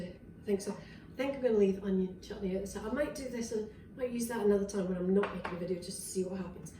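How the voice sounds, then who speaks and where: A woman's voice: medium pitch, noisy background. Chatty Scottish woman in a clattering kitchen. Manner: chatty and rambling, with fillers and restarts. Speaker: wellness vlogger. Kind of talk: casual cooking demonstration. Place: home kitchen. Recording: roomy, distant, with clattering kitchenware. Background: clinks of dishes, cutlery and pans.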